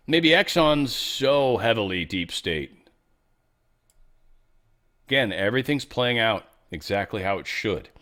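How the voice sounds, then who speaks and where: A man's voice: mid-range voice, a bit bright. A man hosting his own show, riffing on the news in a loose, joking and sarcastic way, with crude asides and lots of fillers, and talking straight to his listeners. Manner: talks straight to his audience. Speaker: podcast host. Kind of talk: casual rambling news commentary.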